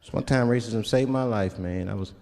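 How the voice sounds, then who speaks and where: A man's voice: lowish voice, fairly quick, vocal fry, darkish tone. A man doing a stand-up comedy set, telling stories in a loose, conversational way full of slang. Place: large performance hall. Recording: long hall reverb of a live venue.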